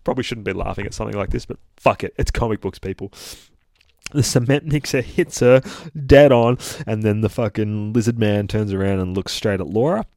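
A man reviewing a comic book in a casual, excited retelling, swearing often and rambling as he goes. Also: fairly low pitch, moderate pace, no room sound, clean studio sound. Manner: profane, rambling, bursts of excited laughter.

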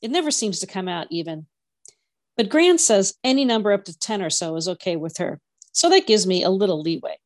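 A woman's voice: medium pitch, expressive, brisk, natural voice. A woman voicing a shy, hopeful teenage girl who speaks eagerly and a little breathlessly.

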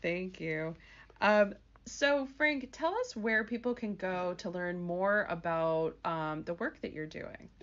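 A woman's voice: lowish voice, takes it slowly, fairly bright tone, muffled recording. A woman host interviewing a guest with polite, direct questions. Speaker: podcast host.

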